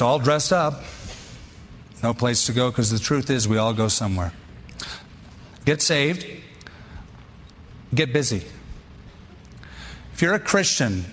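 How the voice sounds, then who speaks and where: A pastor delivering a sermon in short, emphatic, punchy lines. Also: male voice, mid-range voice, a bit bright, in a large hall, a little hiss or hum.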